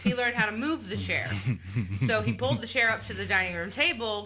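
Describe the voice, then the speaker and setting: A woman's voice: medium pitch, fairly quick, sharp tone, slight background noise. A woman co-hosting a casual talk show, teasing and sarcastic. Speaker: co-host. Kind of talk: casual banter.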